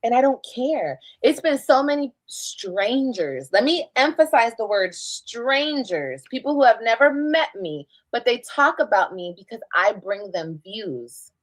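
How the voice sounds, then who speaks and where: A woman's voice: on the high side, big pitch swings, unhurried, hardly any pauses, no echo, low-quality recording. A woman streamer who talks defensively and emphatically, repeating her points as she answers critics. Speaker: live streamer. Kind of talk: casual live-stream talk.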